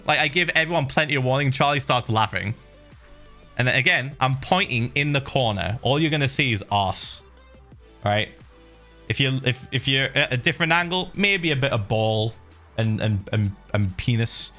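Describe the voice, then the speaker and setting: A man hosting a livestream, telling a story in casual chat, animated and laughing, with swearing and many fillers. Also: mid-range voice, moderate pace, faint music behind. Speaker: livestream host.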